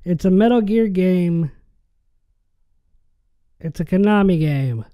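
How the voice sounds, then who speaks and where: A man's voice: high-pitched, lively intonation, slow pace, clean tone, highs cut off. A young man hosting a podcast, ranting in an exasperated way, swearing and tripping over his words. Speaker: podcast host.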